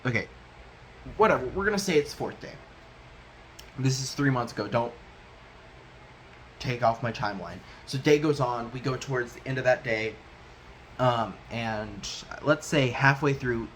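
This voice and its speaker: A young man telling a personal story in a halting, rambling way, often correcting himself mid-sentence. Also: mid-range voice, a bit bright, slight background noise.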